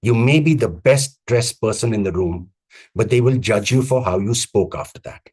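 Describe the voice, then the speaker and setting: A man giving a live online coaching talk on vocal presence, speaking emphatically with repeated phrases and deliberate pauses. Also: fairly low pitch, a little mellow, slightly rough. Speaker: communications coach. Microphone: video call.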